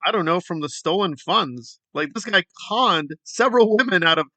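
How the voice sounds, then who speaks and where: A man's voice: high-pitched, lively intonation, moderate pace, pushed and bright, no echo. A man hosting a commentary video, ranting in a sarcastic, exasperated way. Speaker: commentary channel host.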